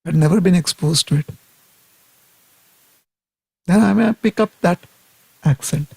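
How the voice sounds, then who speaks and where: A man from India, giving a devotional talk in a deliberate way, often asking rhetorical tag questions. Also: high voice, creaky, a little mellow, husky, dry recording. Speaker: devotional speaker.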